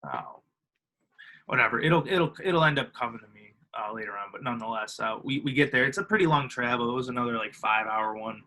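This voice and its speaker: A man in his twenties from Illinois, US, guests on a podcast, his mid-range voice moving fairly quickly over a rough recording. He tells stories in a casual, animated way, acting out other people's voices, leaning heavily on filler words and laughing often.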